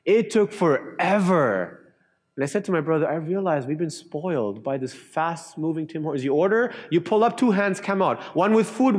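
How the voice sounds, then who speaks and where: Man preaching a sermon with earnest swings. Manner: earnest preaching that swings between lively raised storytelling and quiet, low emphasis. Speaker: pastor.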